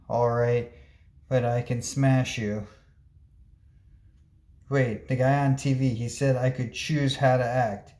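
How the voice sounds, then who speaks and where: A man reading a comic book aloud, giving the lines of every character in a plain, unhurried voice. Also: medium pitch, darkish tone, reverberant. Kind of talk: reading a comic aloud, voicing all parts.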